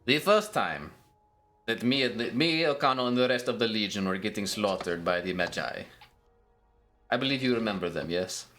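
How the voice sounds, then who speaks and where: A man's voice: lowish voice, lively intonation, moderate pace, a bit bright. A man putting on a grave Egyptian-accented storyteller. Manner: dire, storytelling, theatrical. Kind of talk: tabletop role-play character voice.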